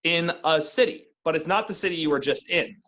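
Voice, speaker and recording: Guy game master running a tabletop session, kinda high voice, lots of uhs and ums. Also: sharp tone, poor audio. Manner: halting narration with many fillers. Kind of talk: narrating a tabletop game over a call.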